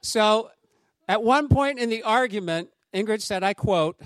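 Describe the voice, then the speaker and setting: Middle-aged male pastor, conversational sermon delivery, slightly high voice, dry close mic. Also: normal speed, no echo. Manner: conversational and anecdotal, with asides to the congregation; acts out quoted voices in lively raised tones.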